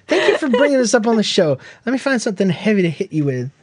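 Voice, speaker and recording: A man's voice: high voice, big pitch swings, fast talker, no room sound, studio quality. A man co-hosting a casual podcast with his wife, joking, teasing and reading listener emails aloud. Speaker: podcast co-host. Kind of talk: casual chat.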